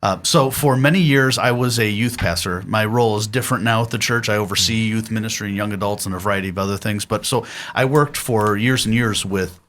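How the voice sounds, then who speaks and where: A man's voice: lowish voice, fairly quick, hardly any pauses, slight background noise. A man in his forties who leads church youth ministry, telling stories and giving earnest parenting advice as a podcast guest, chuckling often. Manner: earnest storyteller, chuckles often, steady pastoral tone. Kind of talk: casual parenting advice chat.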